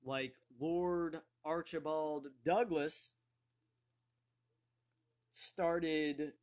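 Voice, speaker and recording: A man hosting a casual online talk show, slowly thinking aloud as he looks things up on a computer. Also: fairly high pitch, fairly even intonation, a little mellow. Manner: slow, thinking aloud while searching. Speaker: host.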